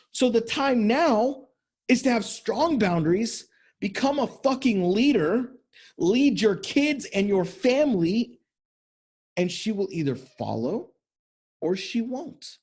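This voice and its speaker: A man's voice: extremely high pitch, lively intonation, measured pace, darkish tone, breathy edge. A man hosting a podcast as a men's coach, talking bluntly and emphatically with lots of swearing. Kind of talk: motivational podcast monologue.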